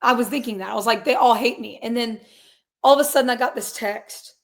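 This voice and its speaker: An earnest woman in her twenties, a guest in a relaxed interview. Her voice sits a little high for a woman. She rambles, circles back, and slips into quoted asides. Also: fairly quick, creaky. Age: 20s. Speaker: guest, singer and real estate agent. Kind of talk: casual conversational interview.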